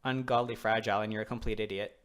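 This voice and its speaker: A man's voice: on the low side, fairly even intonation, fast, a bit bright, clear, resonant tone. A young man giving casual, rambling commentary while playing a video game, swearing loosely. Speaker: let's play host.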